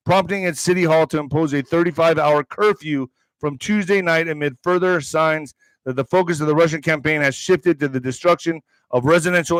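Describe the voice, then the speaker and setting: Man, commentary host, heated, sarcastic, profane, slightly high voice, dry close mic. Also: no room sound. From Mexican heritage. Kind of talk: reading headlines and ranting.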